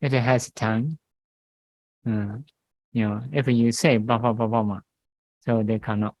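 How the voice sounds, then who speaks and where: A man, a monk teaching Pali grammar in halting English, reciting syllables and pausing often. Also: mid-range voice, fairly even intonation, darkish tone, poor audio. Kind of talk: grammar lesson. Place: meditation centre classroom.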